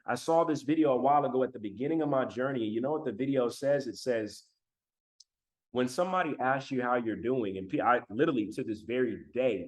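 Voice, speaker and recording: A man giving a motivational talk on a live stream, emphatic, repeating key lines and calling on viewers in the chat, on a laptop microphone. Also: mid-range voice. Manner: emphatic, repeats phrases, addresses chat directly. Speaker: motivational speaker. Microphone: laptop mic.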